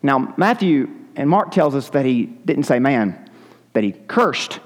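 A man's voice: mid-range voice, lively intonation, unhurried, big-room sound. A male pastor preaching a sermon in a church, retelling scripture in a vivid, dramatic storytelling manner. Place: church sanctuary.

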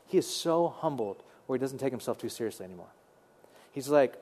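A man preaching a sermon in a conversational, animated way, often repeating words as he thinks. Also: fairly high pitch, quick pace. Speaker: pastor.

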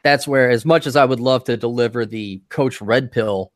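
A man's voice: medium pitch, moderate pace, dry recording. Rambling male podcast host, dry close mic. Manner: rambling, self-deprecating, many restarts. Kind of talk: casual podcast chat. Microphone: desktop studio-style USB mic.

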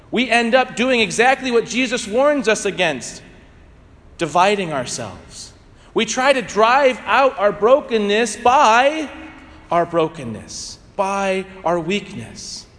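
A man preaching a homily, rising to emphatic peaks and sinking to soft, drawn-out phrase endings. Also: sits high, big pitch swings, long reverb tail. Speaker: priest.

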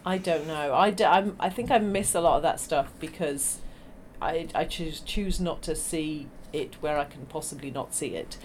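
A woman co-hosting a podcast in casual chat, wry and quick to laugh, swearing casually. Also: sits low, a little hiss or hum. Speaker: podcast co-host.

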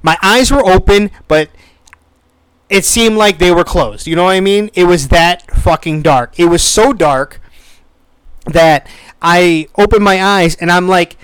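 A man in his thirties telling a story in a casual, animated way, swearing freely. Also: high-pitched, unhurried, clean tone, no room sound. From United States. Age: 30s. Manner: animated, swears freely, acts out quoted voices.

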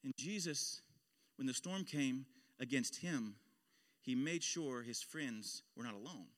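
A man's voice: medium pitch, lively intonation, measured pace, in a large hall. A male pastor preaching a sermon in an impassioned style, his voice swelling on key phrases. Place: church sanctuary.

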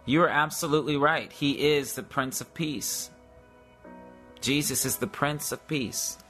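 A man's voice: on the high side, a little slow, pushed and bright, faint music behind. A man preaching in a live-stream devotional, repeating declarations for listeners to say after him.

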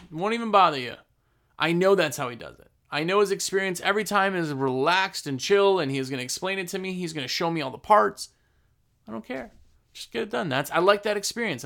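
A man who runs a trades business, giving blunt, emphatic business advice in a casual talk and slowing down to stress his points. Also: fairly high pitch, gravelly, a bit bright. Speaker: business owner.

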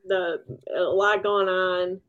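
A young woman co-hosting a book podcast, chatty and laughing, with quick reactions. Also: lowish voice, little pitch movement, a bit bright, lo-fi sound. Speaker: podcast co-host. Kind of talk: casual chat.

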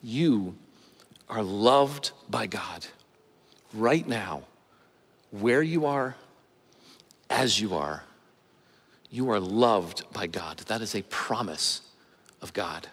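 A middle-aged male pastor preaching a sermon with measured, emphatic pauses. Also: on the low side, expressive, a bit bright, husky. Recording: long hall reverb.

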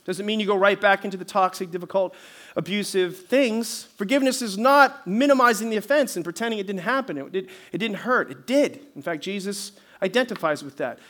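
High-voiced, bright preacher man. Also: fairly quick. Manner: animated storytelling, calls for amens. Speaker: pastor. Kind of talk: sermon.

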